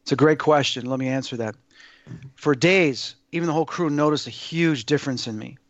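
A man telling a personal story as an interview guest, in an awed, halting way with many restarts. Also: medium pitch, no echo, lo-fi sound.

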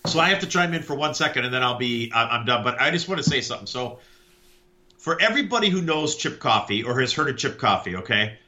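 A man co-hosting a podcast, chatting casually and telling stories in an animated way. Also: mid-range voice, fast. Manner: animated storyteller, acts out quotes. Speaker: podcast co-host. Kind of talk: casual chat.

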